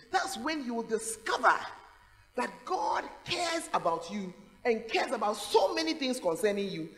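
A woman's voice: fairly high pitch, big-room sound, poor audio. A woman with a Ghanaian accent preaching a sermon in a large church, calling out to the congregation and laughing as she speaks. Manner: animated, calls out "Hey!", laughs while preaching.

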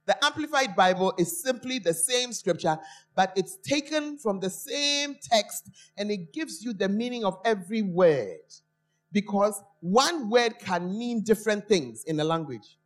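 Lively preacher with a swooping delivery. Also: mid-range voice, a little slow, soft background music. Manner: animated, questions the congregation and stretches key words. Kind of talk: sermon. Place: church.

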